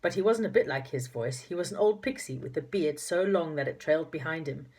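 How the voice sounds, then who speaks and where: A woman's voice: deep voice, animated, a little fast, darkish tone, slightly rough. A woman reading a children's storybook aloud, with occasional slips and corrections. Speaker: narrator.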